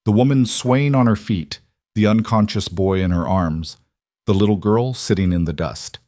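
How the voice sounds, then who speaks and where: A man narrating a western story in a measured, dramatic storytelling manner. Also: fairly low pitch, dark tone, no room sound, clean studio sound. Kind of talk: scripted narration.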